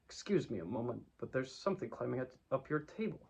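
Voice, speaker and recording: A man's voice: mid-range voice, animated, fast talker, vocal fry, darkish tone, slightly rough. A man voicing a bouncy, cheerful young male tiger who talks in a confident, decided way.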